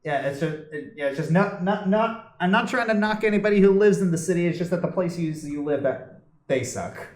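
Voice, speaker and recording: A man in a casual chat, teasing and halting, often restarting his sentences. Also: sits high, animated. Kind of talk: casual video-call chat. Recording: echoey room.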